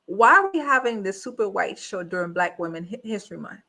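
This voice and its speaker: Bright-voiced incredulous woman reviewer. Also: medium pitch, lively intonation, brisk, vocal fry. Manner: blunt, incredulous, repeats rhetorical questions. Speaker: reaction host. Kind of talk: casual live review commentary.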